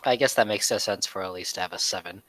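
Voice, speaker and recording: A man's voice: low-pitched, quick pace, bright, forceful tone. A man playing a tabletop game over a voice call, talking casually with plenty of filler words. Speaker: player.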